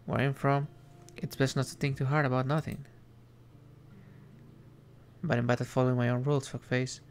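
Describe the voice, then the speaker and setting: A man voicing a crude male devil on a train, low and gravelly, talking slowly. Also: level tone, a little hiss or hum, lightly acted. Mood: drawling. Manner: slow, crude, drawling.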